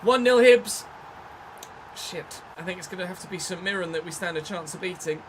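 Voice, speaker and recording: A man streaming a football video game, giving an excitable, sweary running commentary on the play. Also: sits high, fast talker, noisy background. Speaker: gaming streamer. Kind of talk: live gameplay commentary.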